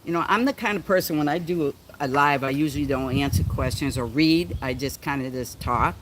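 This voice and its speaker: A man with a slightly raised pitch hosts a casual livestream, chatting with viewers. He is theatrical and self-mocking, calls himself a diva, and slows down with many pauses whenever he reads comments aloud. A faint hiss sits under his voice. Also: fairly bright tone. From United States. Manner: playful and theatrical, self-styled diva, chuckles often; slow and halting when reading comments, many ums. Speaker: livestream host.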